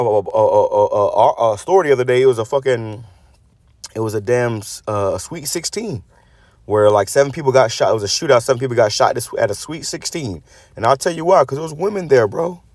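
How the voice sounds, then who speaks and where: A man's voice: mid-range voice, darkish tone, no room sound. Profane preaching man, dry sound. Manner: profane, blunt, repeats words while restarting; reads scripture aloud then comments on it. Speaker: religious channel host. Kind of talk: preaching rant.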